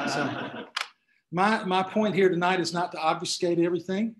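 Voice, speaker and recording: A man lectures a class in a room full of people, talking conversationally and often restarting his phrases. His voice sits somewhat high for a man. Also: moderate pace, a little hiss or hum, rough recording. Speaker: attorney giving a class talk.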